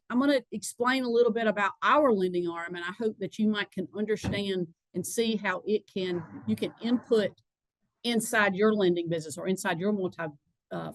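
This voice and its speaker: A woman's voice: mid-range voice, no room sound, poor audio. Southern woman hosting a webinar. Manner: chatty, many fillers and restarts. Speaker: webinar host, lending partner. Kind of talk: casual presentation.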